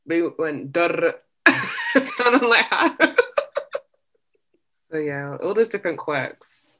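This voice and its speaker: Young adult, mid pitch, casual chat, bubbly, enthusiastic. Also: animated, a bit bright. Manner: bubbly, quick laughs, enthusiastic.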